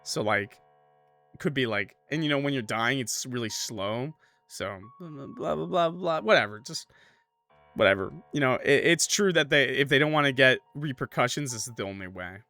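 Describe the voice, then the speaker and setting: With lively intonation and a sharp tone, a man streams a horror game at a moderate pace, reading its passages and chatting casually over soft background music. His voice is mid-range, and his laid-back talk is full of "like" and "bro."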